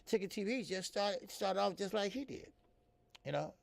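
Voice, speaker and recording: A middle-aged American man from the Midwest hosts a casual live boxing talk stream, loose and profane, laughing, talking directly to viewers and reading comments. His voice is high with vocal fry, at normal speed, with no room sound.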